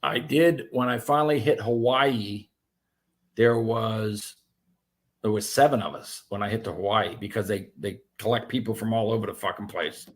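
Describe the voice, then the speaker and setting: A man telling his own story as an interview guest, animated and profane, with many restarts. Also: fairly low pitch, moderate pace.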